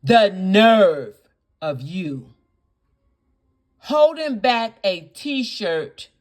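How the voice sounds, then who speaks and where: A woman hosting a reaction video, scolding indignantly, piling up rhetorical questions and repeating her points for emphasis. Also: mid-range voice. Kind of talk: reaction commentary.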